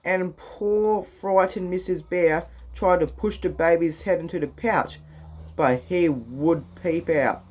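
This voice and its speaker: A man reading a children's book aloud in a casual, halting way. He restarts lines and drops swear words in his asides. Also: a little high. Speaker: reader.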